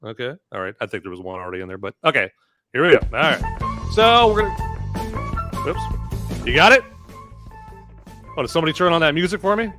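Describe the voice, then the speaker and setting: A man's voice: mid-range voice, fast talker, long pauses, soft background music. A man hosting a comedy podcast, joking around and reading out character descriptions. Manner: jokey, animated, rambling. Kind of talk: casual podcast chat and scripted read-out.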